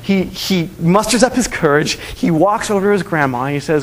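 A man's voice: high-pitched, animated, fairly quick, hardly any pauses, in a large hall. A man preaching a sermon, earnestly telling stories and repeating his key lines. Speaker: pastor.

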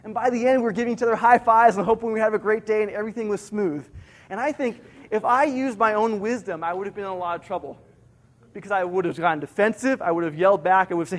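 Man, pastor, sermon, high-pitched, earnest, repeats points slowly.

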